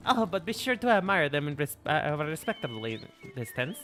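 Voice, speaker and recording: A man's voice: fairly high pitch, big pitch swings, a little fast, a bit bright. A man casually reading a chatty female alpaca rancher's game lines aloud, stumbling now and then. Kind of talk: casual dialogue read-along. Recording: faint background music.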